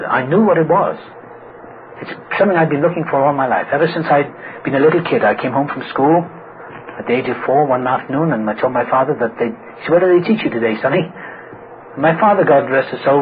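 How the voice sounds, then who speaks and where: A man giving a personal recovery talk, telling his story and acting out the voices of people he quotes. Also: mid-range voice. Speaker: AA speaker. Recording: tinny phone-like recording with noise.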